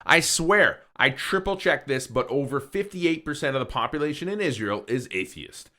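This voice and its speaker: A man in his thirties hosts a ranked countdown with a jokey, playful delivery. His pitch swings up and down a lot as he tosses in quick asides between facts. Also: expressive, bright, forceful tone. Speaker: host. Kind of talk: joking countdown narration.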